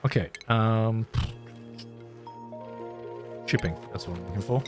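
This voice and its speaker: Low-voiced man streaming a game. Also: slow pace, music in the background. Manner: thinks aloud while building, chats playfully with viewers. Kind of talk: casual live-stream commentary.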